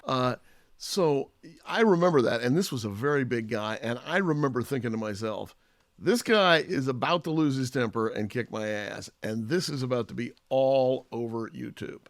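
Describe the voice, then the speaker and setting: Lively, gravelly-voiced male TV correspondent. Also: medium pitch, normal speed, no echo. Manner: lively, joking storyteller. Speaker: TV news correspondent. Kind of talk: casual chat among colleagues.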